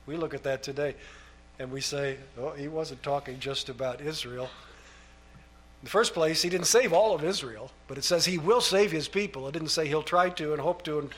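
Male preacher, slightly high voice, reads scripture with rising emphasis and drops quietly on asides. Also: normal speed. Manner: reads scripture aloud, rising emphatically on key phrases, dropping low on asides. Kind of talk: sermon.

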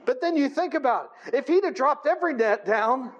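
High-pitched guy preaching, reads the verse then chats it through, keeps asking right?. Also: lively intonation, a little fast. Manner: conversational, asks the room "right?" often. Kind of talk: sermon.

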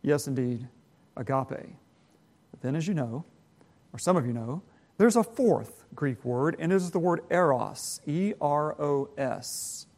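A man with a somewhat high voice teaches a room of students in a sermon. He talks in a folksy, self-deprecating way, pausing and restarting his phrases as he explains. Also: lively intonation, darkish tone. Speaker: teacher giving a talk.

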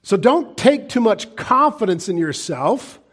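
A man preaching a sermon in an earnest, pleading way, swinging from loud urging to hushed asides and chuckling through his points. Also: high-pitched, big pitch swings, measured pace, slightly rough. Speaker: pastor.

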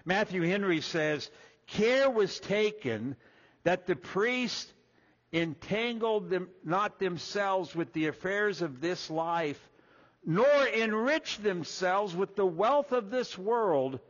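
A man preaching a sermon, folksy and animated, acting out little quoted voices as he walks through Scripture. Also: sits high, takes it slowly, dull audio. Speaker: pastor.

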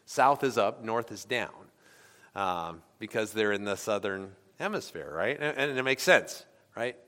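A man's voice: lowish voice, animated, measured pace, fairly bright tone. A man from the United States preaching a sermon in a conversational way, often asking the congregation questions. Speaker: pastor. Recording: long hall reverb.

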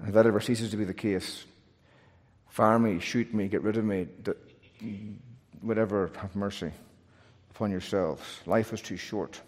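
A man's voice: on the low side, unhurried. Earnest male pastor preaching in a reverberant church. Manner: earnest, animated, self-deprecating humor. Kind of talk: sermon. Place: church sanctuary, pulpit.

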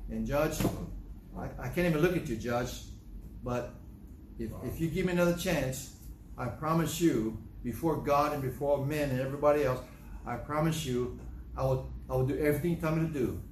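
A man acting out a frightened young man who begs a judge for mercy, speaking softly with stammers. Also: medium pitch, normal speed, roomy sound, a little hiss or hum, close to an everyday voice. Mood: pleading. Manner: soft, stammering, pleading.

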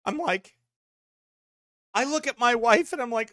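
A man preaching an impassioned sermon, shouting and hammering his points with repetition. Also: very high voice, expressive, measured pace, long pauses, dry recording, clean studio sound. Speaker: pastor.

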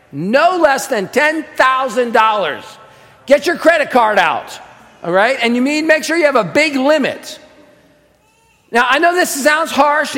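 A man's voice: very high voice, bright, forceful tone. A man preaching a Sunday sermon, teaching in a conversational way with rhetorical questions and raising his voice for emphasis. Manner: emphatic, raises voice for stress. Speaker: pastor. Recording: long hall reverb.

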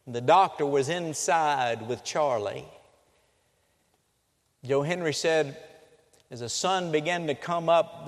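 A man preaching a sermon with dramatic storytelling, changing pace and loudness. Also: on the high side. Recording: long reverb of a hall.

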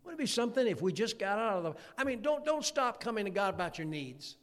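A man preaching a sermon in a folksy, animated way, acting out quotes from his congregation. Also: sits high, quick pace. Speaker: pastor. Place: church sanctuary. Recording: long church reverb.

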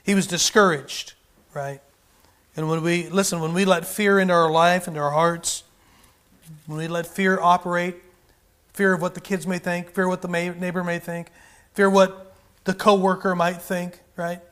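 A man's voice: high voice, level tone, normal speed, a bit bright. A man preaching a sermon with fervor, often rising and then dropping his volume. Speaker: pastor.

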